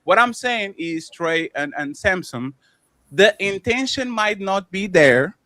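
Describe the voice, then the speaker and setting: A man hosting a heated podcast panel, firmly moderating and swinging between loud and soft. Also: high-pitched, expressive, slow pace, dry recording.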